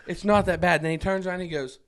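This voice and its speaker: A man's voice: high voice, very fast. A man guesting on a podcast, telling a story in casual chat, acting out what people said and laughing often. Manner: animated, acts out quoted voices, frequent laughs.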